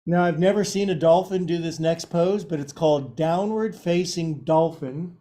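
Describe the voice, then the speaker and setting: A man's voice: on the high side, normal speed, dark tone. A man teaching a yoga class and guiding poses with a playful, joking manner.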